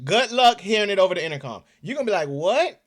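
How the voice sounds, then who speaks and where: A man's voice: high voice, big pitch swings, very fast. A man co-hosting a reaction video, chatting casually in laid-back slang with joking asides. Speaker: reaction channel co-host.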